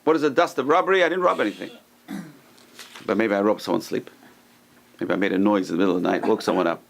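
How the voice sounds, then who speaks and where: Gravelly rabbi teaching a class. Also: male voice, lowish voice, big pitch swings, racing, a little hiss or hum. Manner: conversational, acts out quoted gossip, joking asides. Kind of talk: informal Torah class.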